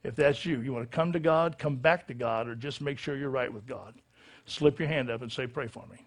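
The altar call and sinner's prayer come from a middle-aged male pastor at a church service, his voice medium-pitched and brisk. He preaches in a fervent, repetitive cadence.

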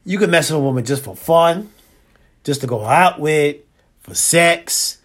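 Laid-back husky man on a podcast. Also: a little high, expressive, a bit bright. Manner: laid-back, slangy, repeats points slowly for emphasis. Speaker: podcast co-host. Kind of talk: casual chat.

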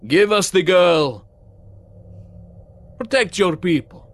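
A man's voice: sits high, expressive, slow pace, a little hiss or hum, voice pushed up, heavily acted. A man voicing a well-dressed middle-aged village man who urgently demands that a girl be handed over. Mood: pleading. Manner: urgent, demanding, raised pleading voice.

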